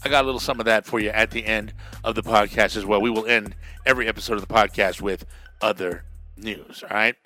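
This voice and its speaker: A man from New Mexico who works as a radio DJ and comic, hosting his own podcast in a loud, profane, beer-drinking monologue. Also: fairly low pitch, steady tone, quick pace, faint music behind. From Albuquerque, New Mexico. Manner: loud, swearing, drinking beer while talking.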